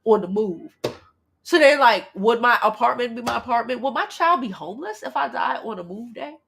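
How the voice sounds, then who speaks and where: A woman in her thirties, from Brooklyn, hosting a casual livestream chat in a blunt, profane, animated way. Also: on the high side, moderate pace, a little hiss or hum. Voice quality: gravelly, husky. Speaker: livestream host.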